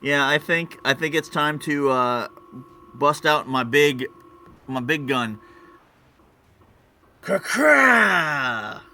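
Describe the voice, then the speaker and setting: A man's voice: mid-range voice, steady tone, slow pace, bright, forceful tone. A man playing in a tabletop game, talking playfully about his turn and throwing in a sound effect. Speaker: player. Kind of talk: casual tabletop play.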